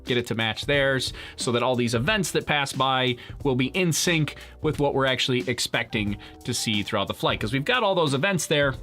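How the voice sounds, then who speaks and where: A man's voice: medium pitch, animated, moderate pace, hardly any pauses, pushed and bright, soft background music. A man hosting a live stream, chatting casually with viewers, joking and laughing often. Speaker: livestream host.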